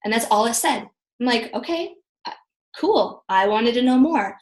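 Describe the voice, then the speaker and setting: A woman in her thirties leading a motivational team training call, telling chatty, animated stories. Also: on the high side, normal speed, echoey room. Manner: chatty, animated storytelling with acted quotes. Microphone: video call.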